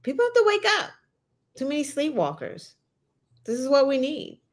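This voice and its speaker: A woman's voice: high voice, huge pitch swings, normal speed. A woman co-hosting a casual political chat show, talking emphatically and swearing freely, with lots of "like" and "you know". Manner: emphatic, profane, with many "like" and "you know" fillers. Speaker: co-host.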